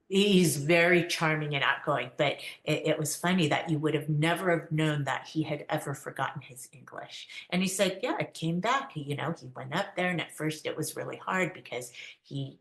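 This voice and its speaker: Woman guest, low voice, animated storyteller who acts out quotes; roomy echo. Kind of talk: conversational storytelling.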